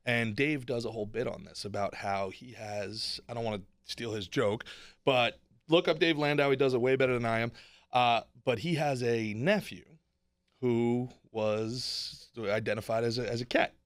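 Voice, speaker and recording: A man's voice: mid-range voice, normal speed, no echo. Joking man hosting a podcast, dry sound. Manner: teasing, joking, animated. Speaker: podcast host and comedian. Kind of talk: casual podcast chat.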